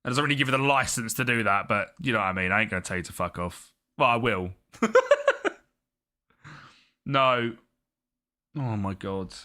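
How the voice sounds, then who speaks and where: A man streaming a football management game, commentating live and chatting with his viewers. He gets excitable and yells at the match. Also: on the low side, a little fast.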